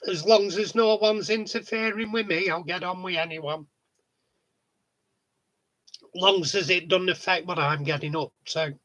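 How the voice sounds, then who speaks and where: A man's voice: high-pitched, steady tone, a little slow, long pauses, pushed and bright, rough recording. A man in a casual monologue vlog, talking bluntly, swearing freely and chuckling often. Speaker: vlogger.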